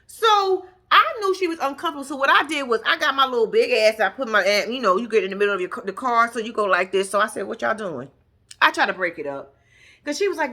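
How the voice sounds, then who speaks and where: A woman with a high, bright voice tells a story in a casual vlog. Her pitch swings widely as she acts out each person's lines, and she swears freely. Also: brisk. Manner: animated, profane, acts out others' lines. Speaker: storyteller recounting a reality-show shoot.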